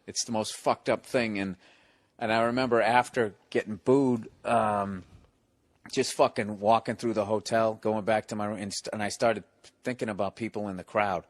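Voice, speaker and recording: A man's voice: on the low side, moderate pace, no echo. Male comedian guest, salty anecdotes, acts out every quote, dry close sound. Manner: profane, animated storyteller who acts out quotes. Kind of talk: casual storytelling on a talk show.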